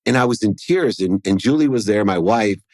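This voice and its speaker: Low-voiced man telling a personal story. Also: expressive, a little fast, a little mellow, dry recording. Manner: earnest, acts out quoted dialogue in his story. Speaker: podcast guest.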